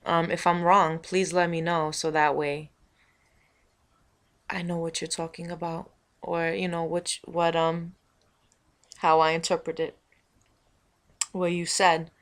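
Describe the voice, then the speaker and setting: Rambling, low-voiced woman vlogger. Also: flat delivery, takes it slowly, long pauses. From Montana. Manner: rambling, musing and playful. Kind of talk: casual vlog to camera.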